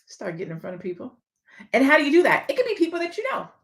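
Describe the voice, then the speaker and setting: A woman's voice: high-pitched, huge pitch swings, very fast. A woman hosting a live-streamed motivational talk, speaking candidly and reading viewer comments aloud. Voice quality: slight lisp. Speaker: livestream host and speaker.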